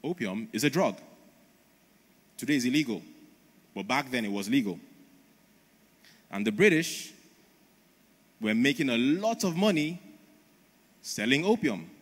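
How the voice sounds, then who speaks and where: Man preaching, emphatic storyteller, mid-pitched, big hall echo. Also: expressive, a little slow, pauses often, slightly rough. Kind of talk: conference sermon. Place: large church auditorium. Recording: long reverb of a large hall.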